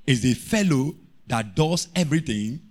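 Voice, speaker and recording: A man preaching a sermon as a pastor, calling out to the congregation and rising into shouts. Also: medium pitch, lively intonation, moderate pace.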